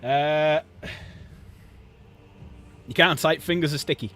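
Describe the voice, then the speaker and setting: A man chats casually and jokes with his viewers as he hosts a livestream. His voice sits a little above the usual male pitch, and his talk is loose and chatty. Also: fairly even intonation, unhurried, pauses often, fairly bright tone, faint music behind. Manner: chatty, jokey, talks to chat. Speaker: livestream host. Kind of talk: casual chat while painting miniatures.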